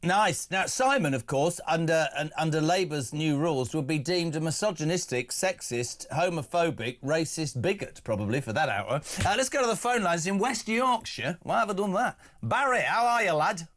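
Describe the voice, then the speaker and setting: A man's voice: a little high, expressive, normal speed, few pauses, fairly bright tone. A man hosting a talk radio drive show, bantering and teasing his guests and callers. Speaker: host.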